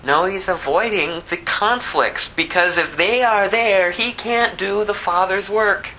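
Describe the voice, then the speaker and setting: A man preaching a verse-by-verse sermon, telling the story animatedly and swinging from loud to hushed. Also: high-pitched, measured pace, slight background noise, low-quality recording. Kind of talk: expository sermon.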